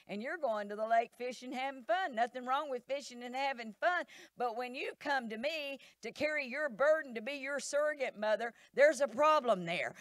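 Emphatic woman preacher, high, dry. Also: a bit bright, dry recording. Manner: emphatic, repetitive preaching with quoted voices. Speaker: pastor. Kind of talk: sermon. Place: church.

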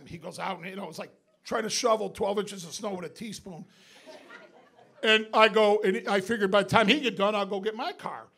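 A middle-aged man from upstate New York doing stand-up, telling a story in a profane, animated way and shouting the punchlines. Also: high voice, creaky, husky. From Binghamton, New York. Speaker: stand-up comedian. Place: comedy club stage with live audience. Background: audience laughter.

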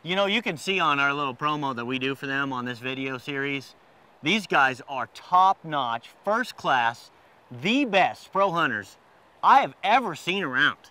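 Excitable guy telling a hunt story, bright punchy voice, kinda high. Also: moderate pace. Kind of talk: casual storytelling chat.

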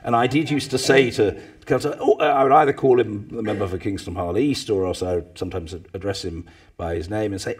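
Man, 60s, husky, low voice, anecdotal, mimics others loudly. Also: a little fast. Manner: animated storyteller, mimics others with loud bursts. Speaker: former parliamentary speaker, guest. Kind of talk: anecdotal talk to a live audience.

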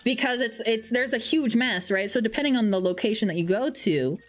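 A woman's voice: on the high side, lively intonation, a little fast, soft background music. A woman streamer chatting casually on a livestream, rambling and teasing playfully.

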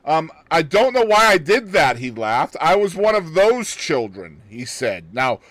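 A male podcast co-host chats casually, reading a news story aloud and breaking off for laughs and joking remarks. His voice sits somewhat high and moves through a wide, animated range. The sound is dry and close, with no room echo. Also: a little slow.

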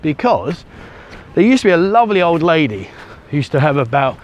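A man with a slightly raised pitch chats his way along an outdoor beach, holding the camera himself. His talk wanders, packed with ums and uhs, and he is a little short of breath from walking on the sand. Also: big pitch swings, a little fast, lo-fi sound. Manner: rambling, chatty, many ums and uhs. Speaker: travel vlogger. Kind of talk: casual walking vlog to camera. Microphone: handheld camera he turns around.

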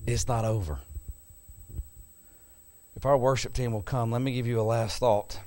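A pastor delivering a sermon, moving from quiet storytelling to loud, emphatic preaching. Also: male voice, medium pitch, steady tone, moderate pace.

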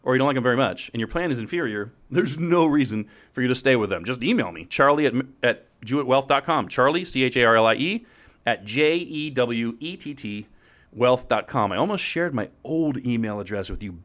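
A middle-aged man hosting a podcast about financial planning, energetic and jokey, swinging from loud outbursts to hushed asides. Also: medium pitch, fast. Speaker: podcast host, financial advisor.

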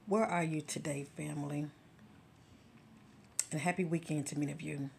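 A woman's voice: low voice, fairly even intonation, moderate pace, creaky, a little mellow, slight background noise. A woman giving a casual spiritual encouragement talk to her followers, speaking directly and conversationally like a preacher, often checking in with "okay?" and "you know.". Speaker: spiritual vlogger.

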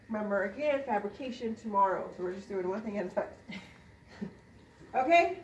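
A woman, a dental instructor, demonstrating a procedure to a class and quizzing students with quick questions. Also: sits high, far from the mic, a little hiss or hum. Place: clinic classroom. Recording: roomy sound from off-mic.

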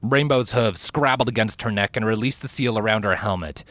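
A man reading fan fiction aloud in a steady, measured audiobook narration. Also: lowish voice. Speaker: fanfiction reader.

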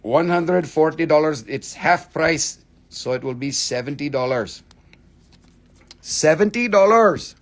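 A man hosting a live sales stream, excitable and theatrical, swearing freely as he gushes over the goods. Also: on the high side, measured pace. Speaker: live-stream seller, host.

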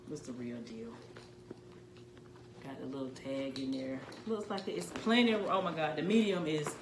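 A woman vlogger talking through an unboxing video in a casual, gushing, excitable way. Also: low-pitched, reverberant, noisy background.

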